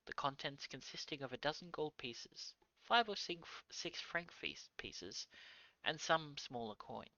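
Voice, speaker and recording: A man's voice: a little high, lively intonation, a little slow, sharp tone, no room sound, dull audio. A man reading a classic novel aloud on a live stream, with casual asides. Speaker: reader.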